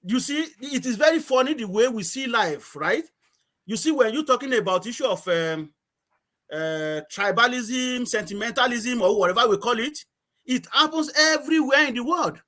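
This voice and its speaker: A man's voice: extremely high pitch, lively intonation, normal speed, pushed and bright. A man with an Antiguan accent, a guest in a casual chat, telling stories with repeated words and frequent laughter over a video call.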